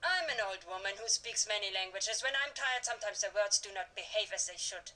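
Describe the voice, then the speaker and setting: A woman's voice: mid-range voice, expressive, fairly quick, bright, forceful tone, low-quality recording. A woman voicing an old female storyteller in a video game, with a put-on German accent and a theatrical, mysterious manner. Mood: cryptic. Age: older. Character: old female storyteller, ominous and food-loving. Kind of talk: video game character acting.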